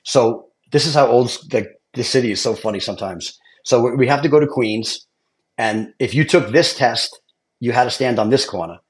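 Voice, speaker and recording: A man's voice: mid-range voice, moderate pace. A middle-aged man from Brooklyn, a retired officer telling stories in a casual chat and often adding "you know what I mean" asides. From Brooklyn, New York. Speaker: guest, retired police and fire officer.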